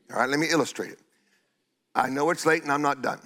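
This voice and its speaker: An older man preaching a sermon in a blunt, scolding way, stretching out key phrases and breaking into shouts. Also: a little high, fast, pauses often.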